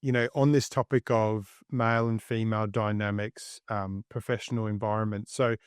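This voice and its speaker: A man's voice: fairly low pitch, flat delivery, moderate pace, smooth, no room sound, clean studio sound. A man hosting a podcast interview, framing his questions hesitantly, with many fillers. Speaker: podcast host.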